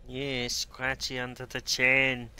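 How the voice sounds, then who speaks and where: A man's voice: medium pitch, completely flat delivery, slow, smooth. A man giving casual gameplay commentary, swearing freely and chatting fondly to his cat between moves. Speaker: gaming video creator. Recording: loud background noise.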